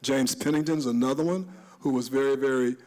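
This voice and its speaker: A man's voice: medium pitch, fairly even intonation, a little fast, a little mellow. A man, a DJ on a discussion panel, telling stories in a rambling, reminiscent way with many restarts.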